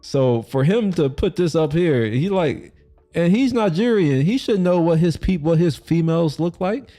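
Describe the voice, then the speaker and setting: A man's voice: fairly high pitch, expressive, moderate pace, dark tone, faint music behind. A man streaming as he reacts to a video, rambling casually with lots of restarts and frequent laughter. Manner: rambling, many fillers and restarts, laughs often.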